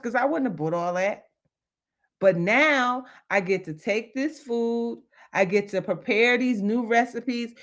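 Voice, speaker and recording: A middle-aged woman hosting a motivational livestream, emphatic and repeating her phrases for effect. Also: medium pitch. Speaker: livestream host.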